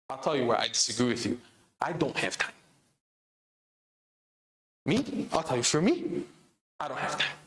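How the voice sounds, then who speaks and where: A man with a medium-pitched, slightly bright voice delivers an urgent sermon at a religious celebration, animated at normal speed with frequent pauses. In an echoey hall, he asks the crowd questions and answers them himself.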